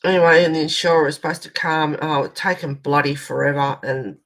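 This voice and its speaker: A woman's voice: low voice, steady tone, fairly quick, rough recording. An Australian woman hosting a colouring channel, telling a long rambling story in casual chat as she colours, swearing now and then.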